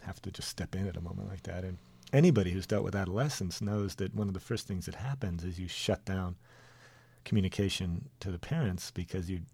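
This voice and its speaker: A man's voice: sits low, a little fast, vocal fry, dark tone, husky. A middle-aged male author, a guest on a radio show, reading from his book and talking about it in a wry, conversational way. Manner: wry and conversational, with some filler.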